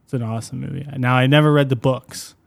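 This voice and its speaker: A man's voice: mid-range voice, steady tone, fast, creaky, no echo. A man co-hosting a casual chat, joking, teasing and swearing freely. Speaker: podcast co-host.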